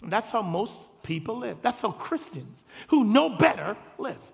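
High-voiced gravelly preacher shouting in church. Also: male voice, very animated, moderate pace, in a large hall. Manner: impassioned preaching, swelling to shouts, calling on the congregation. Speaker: pastor. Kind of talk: sermon. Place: church sanctuary.

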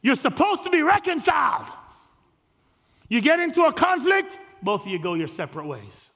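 A man preaching a sermon in a church, swelling to shouts and calling on his congregation. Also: very high voice, sing-song, normal speed, in a large hall. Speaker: pastor. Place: church sanctuary.

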